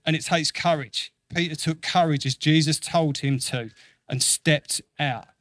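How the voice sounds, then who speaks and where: Guy preaching a sermon, earnest, keeps repeating lines for effect, kinda high voice, dry sound. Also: unhurried, dry recording. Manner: earnest, repeats phrases for emphasis; acts out quoted voices with lively shifts.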